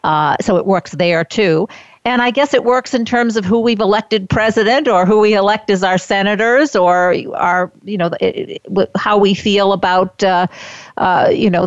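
A woman's voice: medium pitch, normal speed, no echo. A woman hosting a casual radio interview, thinking aloud with fillers and restarts. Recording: dull lo-fi radio sound.

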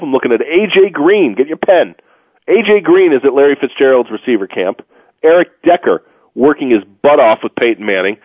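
A man's voice: fairly high pitch, no echo. A man hosting a casual sports talk radio show, rambling and joking with plenty of fillers, tired from moving. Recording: phone-like, dry radio audio.

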